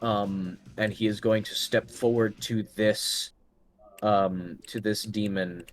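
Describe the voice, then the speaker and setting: Running a tabletop game as game master, this man speaks at a fairly low pitch in a level tone. His narration often stalls with ums and false starts.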